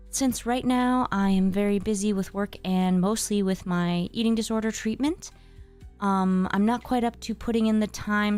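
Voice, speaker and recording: A woman's voice: mid-range voice, darkish tone, clear, resonant tone. A woman chatting casually to her live-stream audience as host, hesitant and a little scattered, with many fillers and restarts. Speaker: streamer hosting her channel.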